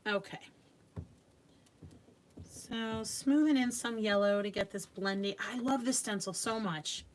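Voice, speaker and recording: A chatty middle-aged woman from Long Island hosts a live crafting demo. Her voice sits at an ordinary middle pitch, and she laughs often as she talks through her work. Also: measured pace, a little hiss or hum. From Long Island, New York. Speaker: host of a live craft stream.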